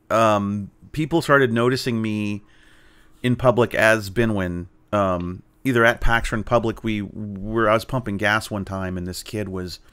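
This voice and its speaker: A man, a cartoonist being interviewed, telling anecdotes in a relaxed, animated way, with frequent fillers and restarts. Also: on the low side, clean tone. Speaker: guest, cartoonist and tabletop game player. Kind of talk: casual storytelling interview.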